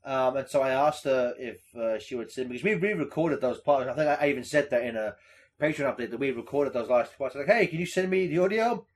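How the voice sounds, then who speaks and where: A young man hosting a casual podcast chat, swearing freely and breaking into loud mocking impressions. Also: mid-range voice, quick pace. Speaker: podcast host.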